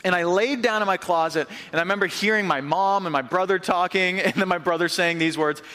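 A young man gives a sermon in a church hall with long reverb. His voice sits high and sounds bright and forceful. He tells his story in a lively, conversational way. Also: fairly quick. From upstate New York. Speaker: pastor.

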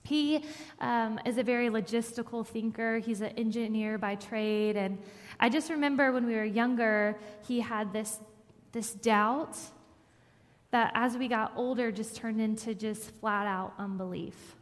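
A woman's voice: fairly high pitch, fairly even intonation, measured pace. A woman preaching a sermon, telling a personal story in an earnest way that builds to emphatic scripture reading. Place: church sanctuary. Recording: long hall reverb.

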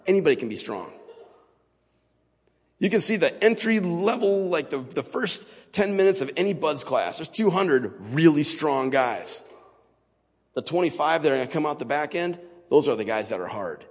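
Husky-voiced man preaching in a reverberant church. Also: on the high side, lively intonation, moderate pace. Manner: casual, conversational, plain-spoken. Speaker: guest speaker at a church. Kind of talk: informal sermon. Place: church sanctuary. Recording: long reverb of a large church hall.

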